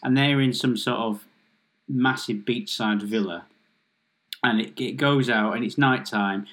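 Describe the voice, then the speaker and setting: A man's voice: medium pitch, a little slow, a bit bright. A man in a casual chat, describing an imagined eighties action film scene by scene, rambling with restarts. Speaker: podcast co-host.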